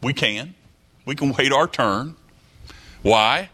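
A man's voice: medium pitch, lively intonation, slow pace, sharp tone, husky. A man preaching a sermon, emphatic, repeating key phrases and quoting scripture aloud. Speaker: pastor.

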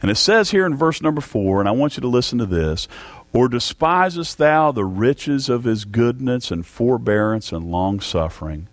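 Male preacher, fervent sermon delivery, mid pitch, dry recording. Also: animated, normal speed, dry recording. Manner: fervent preaching with big swings in pitch and loudness. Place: church service.

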